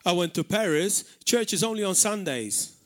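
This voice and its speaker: A man from Malta with a Maltese accent, preaching an animated sermon in a church hall. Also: sits high, moderate pace. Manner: animated preaching, shouting out acted warnings.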